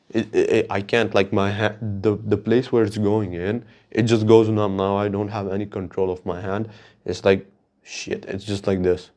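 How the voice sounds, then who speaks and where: Casual podcast host, man, low voice, swears constantly, rambles and rants. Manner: profane, rambling, with frequent restarts; gets loud and heated when ranting. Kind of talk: casual storytelling monologue.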